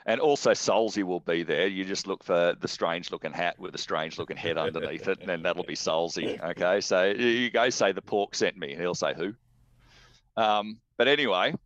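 Deep-voiced Australian man hosting a podcast. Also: dry recording. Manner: enthusiastic, rambling. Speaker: podcast host. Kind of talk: casual sports podcast chat. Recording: dull lo-fi dry sound.

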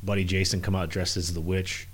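A man in a relaxed, profane casual chat, co-hosting a podcast and trading stories about metal bands. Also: low-pitched, fairly quick, breathy edge. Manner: relaxed, profane, chuckling asides.

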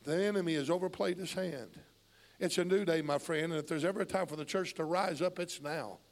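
A high-voiced man preaching with fervor, calling out questions to his congregation. He drops to near murmurs, then climbs to ringing shouts. His voice rolls through the long echo of a church sanctuary. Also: fairly quick, gravelly. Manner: impassioned, rhetorical questions to the congregation; swings between low murmurs and shouted climaxes. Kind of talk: fiery sermon. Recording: long hall reverb.

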